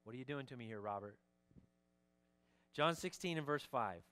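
A pastor giving a Sunday sermon in a church, reading scripture earnestly and making casual asides with fillers. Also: male voice, mid-range voice, expressive, moderate pace, pauses often, a bit bright, smooth. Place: church sanctuary.

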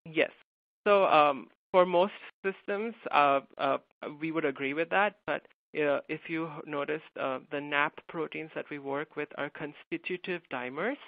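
A man's voice: on the high side, unhurried, gravelly, dry recording. A male graduate student answering audience questions in a hesitant way, with many fillers. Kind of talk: live Q&A answers. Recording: tinny phone-like line, dry.

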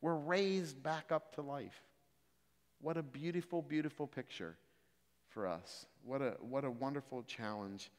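A man preaching a sermon, moving from calm explanation of scripture to loud, emphatic exhortation. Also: mid-range voice, measured pace. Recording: reverberant hall.

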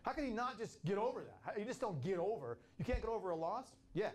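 A man's voice: sits high, animated, fast, a little mellow. A man preaching a sermon in an impassioned way, often restarting his phrases and acting out quotes. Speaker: pastor.

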